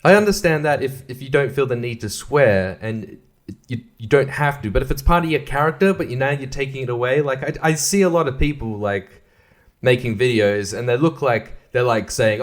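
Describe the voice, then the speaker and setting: A man's voice: mid-range voice, brisk. Profane rambling man hosting a solo podcast. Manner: profane, rambling, laughs often, stammers and restarts. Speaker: podcast host.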